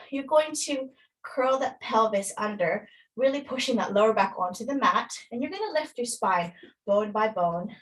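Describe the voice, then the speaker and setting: A woman's voice: a little high, a bit bright, recorded from a distance, poor audio. A woman fitness instructor, a little out of breath, guiding a workout and counting reps with encouragement.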